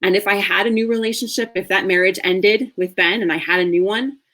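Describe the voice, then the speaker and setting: A woman in her thirties, a marriage coach, telling a candid personal story in a masterclass with earnest warmth and the odd soft laugh. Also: mid-range voice, brisk. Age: 30s.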